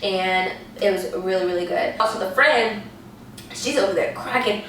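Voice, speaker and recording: A young woman vlogger telling a story casually and animatedly, acting out what people said in high voices. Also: normal speed, fairly bright tone, slight background noise. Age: young adult. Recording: echoey room, voice a bit far from the mic.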